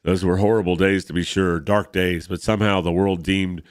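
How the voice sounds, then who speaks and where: A frail, haunted elderly lord, as a man reads him from a comic. His voice sits very low and smooth, close and dry. He sounds fretful and pleading. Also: fairly even intonation, moderate pace, no room sound, natural voice. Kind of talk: reading a comic aloud.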